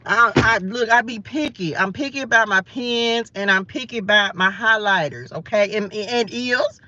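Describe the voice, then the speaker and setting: A woman's voice: mid-range voice, moderate pace, pushed and bright, muffled recording. A woman from the American South, hosting a casual morning Bible study livestream from her car, chatty, playful, laughing at herself. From Southern United States. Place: parked car.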